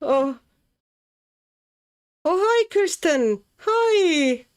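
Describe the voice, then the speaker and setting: A woman from Latvia talking through a relaxed colouring livestream. She chats with viewers, reads their comments aloud, and muses about her work as she goes. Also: very high voice, drawn-out words. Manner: chatty and easily amused, reading out comments while working. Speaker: livestream host colouring while chatting. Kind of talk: casual livestream chat.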